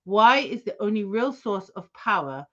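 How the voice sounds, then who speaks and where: A woman playing a smug male French information broker, speaking slowly and lecturing. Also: mid-range voice, very animated, pushed and bright, dull audio. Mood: lofty.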